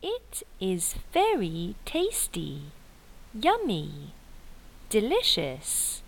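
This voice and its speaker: A woman reads everyday English phrases for learners at a very slow pace. Her intonation swings widely from phrase to phrase, and every word is spoken clearly. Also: mid-range voice, low-quality recording. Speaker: English teacher. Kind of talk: slow scripted phrase reading.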